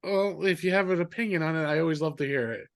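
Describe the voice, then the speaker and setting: Upbeat New podcast host. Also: male voice, on the high side, fast talker, gravelly, dry recording, clean studio sound. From New Jersey. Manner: eager, laughs often, jumps in with asides. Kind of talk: casual interview chat.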